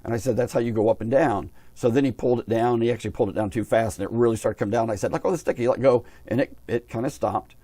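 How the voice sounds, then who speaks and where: This middle-aged aviation hobby vlogger talks rapid-fire with hardly any pauses in a dark, medium-pitched voice, telling a long casual story. He rambles, says things more than once, and quotes others in his own voice, with no room sound.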